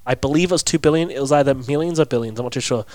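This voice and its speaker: A man's voice: medium pitch, very fast, darkish tone, dry recording. A young Australian man co-hosting a podcast, joking and rambling in casual chat. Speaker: podcast co-host.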